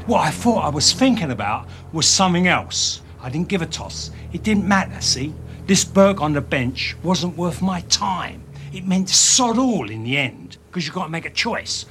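A hard-bitten Cockney ex-convict in a film scene, cool and quietly menacing. He talks slowly in street slang, with a slightly raised pitch and a faint hiss of background noise. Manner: street slang, slow, threatening. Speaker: film character.

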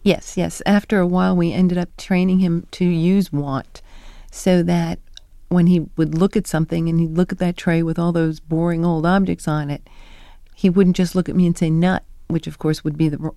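A middle-aged woman being interviewed, telling animated stories and acting out quoted lines. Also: on the low side, moderate pace, no echo, clean studio sound. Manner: animated storyteller who acts out quoted lines. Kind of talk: conversational interview.

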